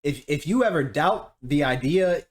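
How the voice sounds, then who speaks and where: A man's voice: fairly high pitch, normal speed. Casual male reaction host. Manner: relaxed, reflective, conversational. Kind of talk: casual commentary.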